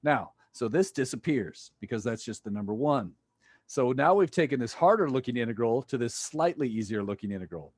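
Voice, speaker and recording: A man's voice: mid-range voice, animated, a little fast, no room sound. A man teaching a physics class over a video call, joking and quizzing his students. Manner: playful, jokey, quizzes students. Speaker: physics lecturer. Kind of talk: online lecture.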